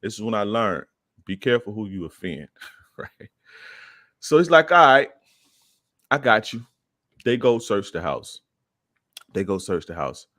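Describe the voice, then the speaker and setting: A man's voice: lowish voice, big pitch swings, moderate pace, pauses often, no room sound, studio quality. A young man, a podcast guest, casually telling a profane street story and acting out the quoted lines in a raised voice.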